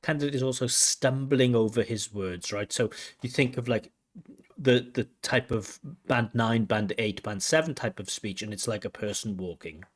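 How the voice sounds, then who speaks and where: A man's voice: medium pitch, moderate pace. A man, an examiner explaining a candidate's speaking test in a teaching manner. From Wales. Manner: explanatory, imitates intonation with tut sounds. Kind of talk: spoken exam feedback lesson.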